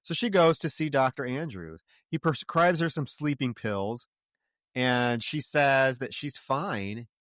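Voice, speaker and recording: A man's voice: mid-range voice, animated, a little slow, fairly bright tone, no room sound, studio quality. A man co-hosting a podcast, recapping a horror film in casual, profane chat and acting out bits of dialogue. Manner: profane, retells scenes with quoted dialogue. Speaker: podcast co-host.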